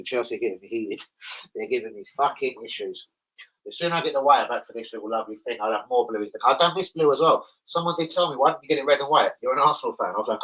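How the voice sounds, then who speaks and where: A man's voice: medium pitch, a bit bright, husky, poor audio. A man hosting a football fan live stream, swearing heavily and bantering with slang as he reads the chat. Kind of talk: casual live-stream rant reading chat.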